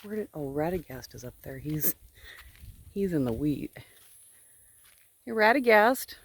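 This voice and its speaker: Woman, sheep farmer, chatty, lively swooping voice, sing-song coos, outdoors, faint bleats behind. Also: sits low, unhurried, a little hiss or hum. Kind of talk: casual outdoor vlog. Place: outdoors by a pasture.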